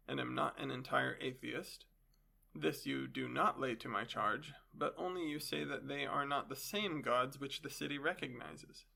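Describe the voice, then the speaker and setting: A man's voice: on the high side, vocal fry, bright, forceful tone, full character voice. A man voicing an elderly male philosopher on trial, questioning his accuser with dry irony. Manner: questioning, dryly ironic.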